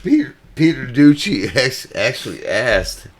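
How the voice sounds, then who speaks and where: A man talks slowly in casual, profane podcast chat, breaking into laughs often. His gravelly voice swings very widely in pitch. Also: sing-song. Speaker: podcast co-host.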